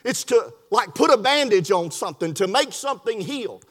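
A man's voice: high-pitched, expressive, normal speed, fairly bright tone. A man preaching a sermon, telling folksy stories with repeated words and a homespun turn of phrase. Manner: folksy storytelling with repetitions and southern-style grammar.

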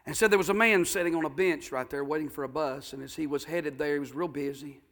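A preacher man with a high, bright voice tells a story from the pulpit in a folksy, homespun way. He swings from hushed asides to fervent, ringing exhortation. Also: quick pace. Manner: folksy, builds to shouting fervor. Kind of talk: sermon storytelling.

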